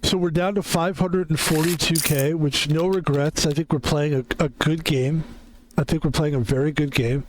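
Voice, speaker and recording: A man from the East Coast of the US giving casual game commentary as a streamer, slightly hoarse from a sore throat, relaxed and chatty. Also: a little high, normal speed, noisy background. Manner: relaxed, chatty, self-described cozy. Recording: music playing underneath.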